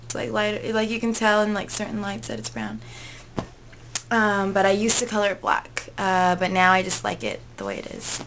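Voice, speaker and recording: A woman's voice: medium pitch, lively intonation, moderate pace, fairly bright tone, a little hiss or hum. A woman in her twenties, a vlogger, chatting casually through tag questions in a gushing way, full of "like" and "um". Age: 20s.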